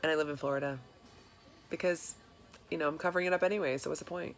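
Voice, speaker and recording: A woman's voice: low voice, steady tone, quick pace, vocal fry. A woman in her thirties chatting casually and confessionally in a personal vlog, with lots of fillers. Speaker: vlogger. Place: home in Florida.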